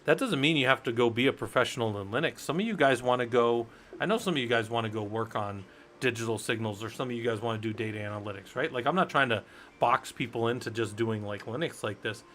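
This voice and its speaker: A man's voice: medium pitch, fast, a bit bright, slight background noise. A man teaching a live-streamed Linux class in a loose, rambling, conversational way, talking straight to his chat viewers. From United States. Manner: rambling, conversational, tells stories with acted quotes. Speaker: livestream Linux instructor.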